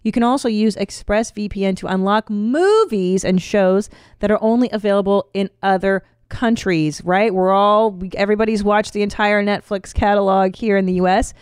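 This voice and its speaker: A woman's voice: medium pitch, moderate pace, darkish tone, smooth, dry recording, clean studio sound. A woman in her forties co-hosting a comedy podcast, chatty and teasing, reading an ad and laughing easily in banter. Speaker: podcast co-host. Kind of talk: casual podcast chat and host-read ad.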